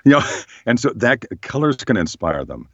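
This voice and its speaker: A man, a voice actor, talking in a relaxed, thoughtful way in an interview, his voice slightly hoarse. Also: mid-range voice, normal speed, dry recording, lo-fi sound. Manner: relaxed, thoughtful, many fillers. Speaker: voice actor guest. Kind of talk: casual interview chat.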